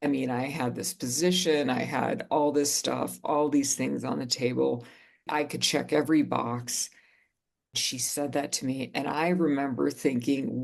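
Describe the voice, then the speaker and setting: A podcast co-host with a gravelly, creaky texture tells a personal story in earnest, easy conversation. The delivery slows down at reflective moments, and the pitch sits in the middle of the range. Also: steady tone.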